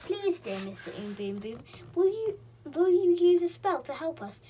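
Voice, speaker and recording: A woman's voice: very high-pitched, sing-song, moderate pace, voice pushed up. A woman voicing a sweet, nervous little fairy girl who has been turned into a doll. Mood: pleading. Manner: soft, nervous.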